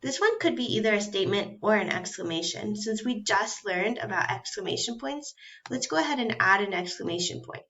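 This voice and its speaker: A woman teaching a recorded first grade reading and grammar lesson, speaking slowly and clearly and sounding out letters one at a time with patience. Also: medium pitch, expressive, fairly bright tone, muffled recording. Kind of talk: recorded phonics and grammar lesson for young children.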